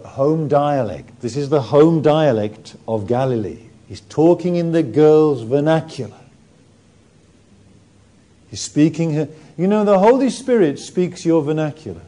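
Male preacher, expressive storyteller, lively pitch, mellow tone. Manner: animated storytelling with warm humour. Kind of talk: sermon.

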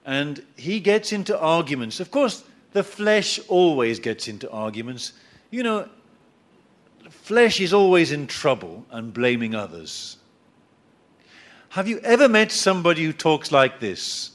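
Middle-aged preacher guy, lively up-and-down voice, telling bible stories w jokes. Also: a little high, measured pace. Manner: animated, storytelling, jokes with the crowd. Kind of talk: sermon.

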